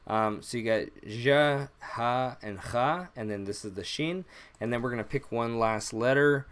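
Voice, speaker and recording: A young man teaching an alphabet lesson on a live stream, relaxed and rambling, with many fillers and self-corrections. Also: mid-range voice, unhurried, clear, resonant tone. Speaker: language teacher.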